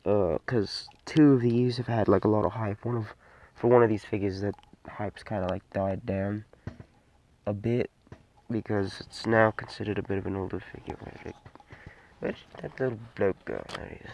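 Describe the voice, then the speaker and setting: A man's voice: lowish voice, steady tone, moderate pace, a little mellow, slight background noise. A man giving a casual, unscripted toy review, rambling and hesitant with many fillers and restarts.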